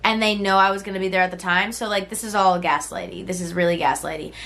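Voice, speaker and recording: Quick-paced and medium in pitch, a woman in her twenties tells a personal story straight to camera in a relaxed vlog. She's candid and conversational, peppering in "like" and "right?", swearing freely, and slipping into voices to retell old text messages.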